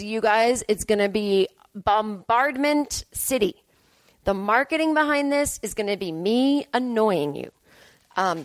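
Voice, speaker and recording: A woman comedian with a fairly high voice hosts her podcast, wandering through a self-deprecating story told as a casual monologue. She animatedly acts out her own words, and the audio has no echo.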